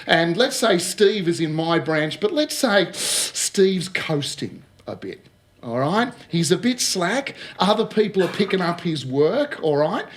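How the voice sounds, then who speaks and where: Middle-aged aussie guy, slightly higher voice, chatty storyteller who acts out the dialogue. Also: unhurried. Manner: lively storyteller who acts out dialogue and keeps checking with "all right?". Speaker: speaker on recruitment. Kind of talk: casual anecdotal talk.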